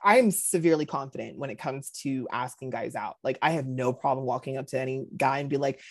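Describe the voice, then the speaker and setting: Dry-voiced, animated podcast co-host man. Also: mid-range voice, a little fast, few pauses, no room sound. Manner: animated storyteller acting out quotes, laughs often. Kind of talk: casual chat.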